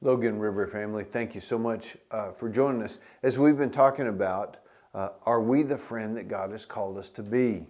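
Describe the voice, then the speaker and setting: A pastor preaches in a loose, conversational storytelling style full of restarts, growing loud whenever he reads scripture. His voice is fairly low and his pace moderate.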